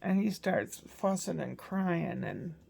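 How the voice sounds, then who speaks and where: A woman's voice: fairly low pitch, lively intonation, slow pace, vocal fry, a little mellow, husky. An older woman, a grandmother, chatting casually through her day in a meandering, storytelling vlog. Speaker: grandmother vlogger. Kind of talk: casual rambling daily recap.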